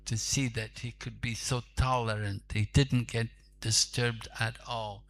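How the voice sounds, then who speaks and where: A man preaching in a temple, telling a story in an unhurried, conversational way with asides to his listeners. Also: medium pitch, flat delivery, a bit bright. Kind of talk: sermon storytelling.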